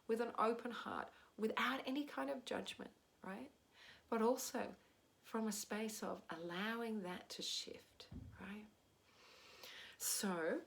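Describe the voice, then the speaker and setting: Gentle Australian woman, spiritual talk. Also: medium pitch, creaky. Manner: soft, gentle, often ends points with "right?". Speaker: spiritual teacher and channel.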